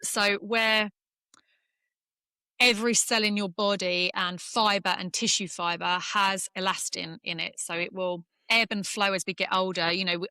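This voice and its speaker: A middle-aged English woman, a former golfer, talking candidly in an interview and speaking in quick, emotional bursts with restarts. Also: mid-range voice, bright, forceful tone, clean tone, no echo, clean studio sound. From England. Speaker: former professional golfer, guest.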